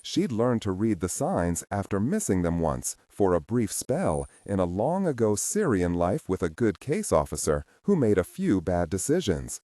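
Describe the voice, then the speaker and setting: A man narrating a spy thriller audiobook in a measured storytelling manner. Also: low voice, big pitch swings, mellow, no room sound, studio quality. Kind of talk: scripted narration.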